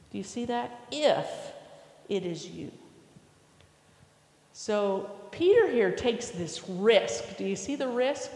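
A woman's voice: mid-range voice, lively intonation, slow, pauses often, a little mellow. A woman preaching a sermon, telling a story with imagination and asking her listeners questions. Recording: echoey hall with long reverb.

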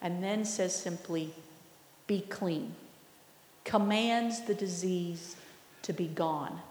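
A woman's voice: on the low side, a little mellow. A woman preaching a sermon, earnest and teaching in manner. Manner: earnest, teaching, slow and deliberate. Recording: echoey hall, long reverb.

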